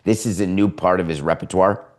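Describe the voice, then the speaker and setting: A male podcast host who talks sports in a lowish voice, sarcastic and opinionated. He moves quickly from point to point with an animated, needling delivery. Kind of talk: sports talk commentary.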